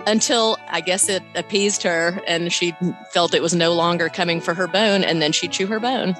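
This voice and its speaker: A middle-aged woman telling a personal story in a lively way, laughing now and then. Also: fairly low pitch, moderate pace, music in the background. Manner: animated, laughs while telling, voice jumps up on quotes. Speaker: guest telling her story. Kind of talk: conversational storytelling.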